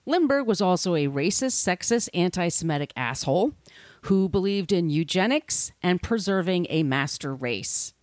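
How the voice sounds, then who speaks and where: A woman's voice: on the low side, animated, normal speed, a little mellow, no room sound. Woman podcast host, chatty and irreverent, dry close sound. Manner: chatty, irreverent, swears casually. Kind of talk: casual podcast chat.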